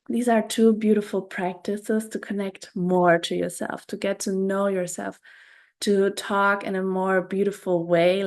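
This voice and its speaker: Woman, spiritual podcast host, unhurried reflective monologue, level delivery. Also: mid-range voice. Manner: soft, unhurried, repeats words and phrases.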